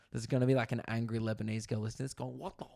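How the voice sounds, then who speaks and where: Young male comic host, gravelly voice, casual storyteller who swears a lot and acts out voices. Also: medium pitch, no echo. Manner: animated, swears freely, acts out others' voices. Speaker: comedian podcast host.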